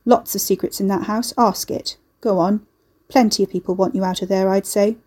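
A woman's voice: medium pitch, steady tone, moderate pace, warm tone, close to an everyday voice. Woman doing a cocky soothsayer man. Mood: brusque. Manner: sardonic, teasing, blunt. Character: shifty sarcastic male soothsayer, gruff and cocky. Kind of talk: audiobook character voice.

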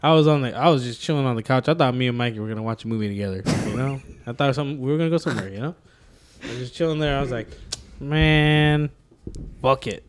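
A man's voice: mid-range voice, rapid-fire. A young man in casual chat with friends, telling a long rambling story full of swearing and laughter. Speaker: podcast co-host.

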